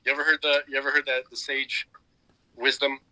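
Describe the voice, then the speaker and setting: A man's voice: medium pitch, flat delivery, a little fast, bright, forceful tone, low-quality recording. A man co-hosting a casual chat show with a wry, dry sense of humor. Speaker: podcast co-host.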